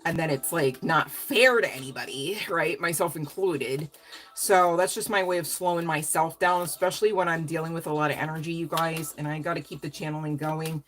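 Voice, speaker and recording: Chatty low-voiced woman reading tarot. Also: steady tone, fairly quick, a bit bright. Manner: rambling, chatty, emotional, with casual swearing. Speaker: tarot reader. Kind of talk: casual tarot reading to camera.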